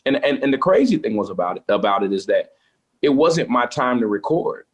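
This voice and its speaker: Man, husky voice, gospel singer guest, casual interview talk, bursts of preacher energy. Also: medium pitch, fairly quick. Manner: animated, preacher-like when excited.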